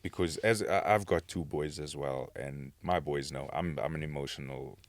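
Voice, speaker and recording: A man's voice: very deep voice, moderate pace, no echo. A man hosting a podcast, reflective and searching for his words. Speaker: podcast host. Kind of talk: conversational podcast.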